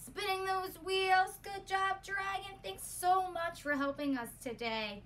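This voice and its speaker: High, bright-voiced woman teaching small children. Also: measured pace, faint music behind. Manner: cheerful, encouraging sing-song praise. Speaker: preschool teacher. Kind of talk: lesson for young children.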